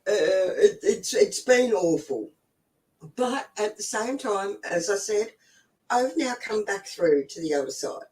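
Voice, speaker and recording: An Australian woman in her forties hosts her own live stream and tells stories at an unhurried pace. She is chatty, swears freely and laughs often. Her voice sounds a bit distant from the mic. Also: mid-range voice, expressive, darkish tone. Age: 40s. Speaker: host. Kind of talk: casual live-stream storytelling.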